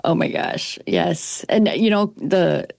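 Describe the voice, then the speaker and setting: A woman's voice: lowish voice, lively intonation, slow, gravelly, darkish tone, dry recording. A woman speaking in casual conversation, rambling and hesitant with many fillers.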